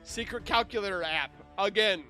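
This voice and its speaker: A man's voice: high-pitched, normal speed, pushed and bright, faint music behind. A man reading through a case timeline and breaking in with sarcastic, scornful asides in casual commentary. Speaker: true crime YouTuber.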